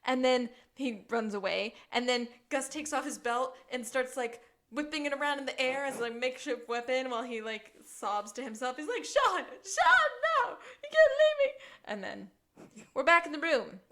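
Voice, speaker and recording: Animated woman recapping an episode. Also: moderate pace. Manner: animated, acts out quoted lines in a high voice. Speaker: podcast co-host. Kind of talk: casual chat recapping a TV episode.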